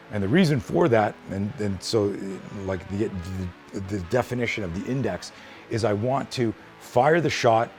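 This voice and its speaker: A man's voice: mid-range voice, darkish tone. A man teaching self-defense in a hands-on demonstration, blunt and emphatic with plenty of swearing.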